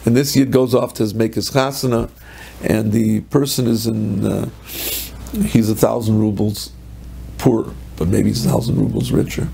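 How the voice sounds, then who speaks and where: A middle-aged man, a rabbi, giving a Torah lecture and telling a story in a lively way, mixing in Hebrew and Yiddish terms. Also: on the low side, moderate pace, vocal fry, a little hiss or hum.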